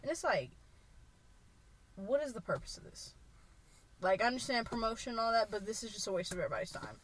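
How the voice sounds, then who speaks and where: A young woman co-hosting a podcast, chatting casually and animatedly, swearing freely and acting out quotes in a loud voice. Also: medium pitch, sing-song, quick pace, slight background noise, poor audio. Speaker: podcast co-host. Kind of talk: casual chat.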